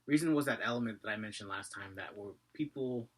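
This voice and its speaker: A man's voice: lowish voice, fairly bright tone. A man with a slight Asian accent, talking casually to camera in a rambling vlog, often correcting himself. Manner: rambling, self-correcting, talks fast. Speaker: vlogger.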